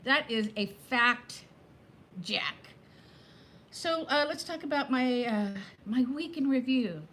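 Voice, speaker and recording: A woman in her fifties hosting a casual live chat, talking fast between topics and greeting viewers by name. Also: high-pitched, a bit bright. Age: 50s. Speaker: livestream host.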